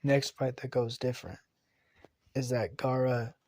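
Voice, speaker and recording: A man casually retelling an anime fan story, rambling and excitable, swearing and restarting often. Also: mid-range voice, a little slow.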